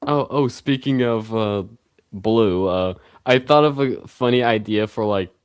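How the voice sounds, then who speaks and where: A man's voice: fairly low pitch, measured pace, smooth, no echo. A young man streaming, chatting casually in a rambling way with lots of fillers and little laughs.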